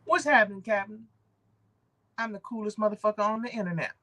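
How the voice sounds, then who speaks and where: A man's voice: sits high, a little fast, sharp tone, voice pushed up. A man doing a hyped-up reviewer's catchphrase. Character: upbeat male online toy reviewer greeting fans.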